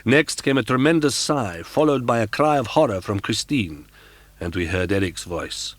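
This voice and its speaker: A man narrating a classic novel in a measured, theatrical audiobook reading from an old cassette. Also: low-pitched, dry recording. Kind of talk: scripted narration. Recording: dry 1980s cassette audiobook.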